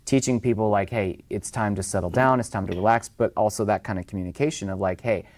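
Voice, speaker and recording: A man's voice: on the low side, steady tone, fast, darkish tone, dry recording. Chatty man, dry close sound. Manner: chatty, acts out owners and dogs in raised voices. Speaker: dog trainer guest. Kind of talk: casual podcast conversation.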